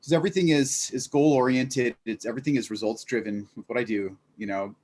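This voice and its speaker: Brisk and medium-pitched with a darkish tone, a fitness business founder explains his ideas as a guest in a laid-back interview, with a little hiss or hum on the recording. He's sincere and reflective, and he leans on many fillers like "like" and "you know".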